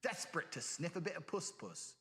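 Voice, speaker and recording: A man's voice: fairly high pitch, sing-song, brisk, sharp tone, long reverb tail. A man in a played video delivering a brash, profane, mocking rant that lectures the listener. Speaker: online personality in a played video. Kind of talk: ranting monologue.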